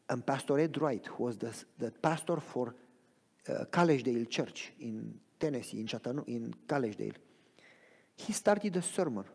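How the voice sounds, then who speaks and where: A man preaching a sermon in a church, dramatic, swinging from loud cries to near whispers and asking the congregation if they follow him. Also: medium pitch, breathy edge. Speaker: pastor. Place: church sanctuary. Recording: long reverb of a church hall.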